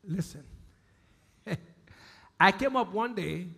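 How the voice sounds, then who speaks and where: High, bright-voiced Nigerian pastor preaching. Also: male voice, expressive, slow, creaky, slightly rough. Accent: Nigerian English. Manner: call-and-response questions, repeats key phrases, swings from loud emphasis to quiet. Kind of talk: sermon.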